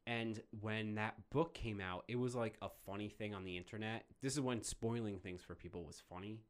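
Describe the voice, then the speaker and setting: A man's voice: fairly low pitch, normal speed. Easygoing man telling a story. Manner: storytelling, agreeable, uses "like" a lot. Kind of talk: casual chat.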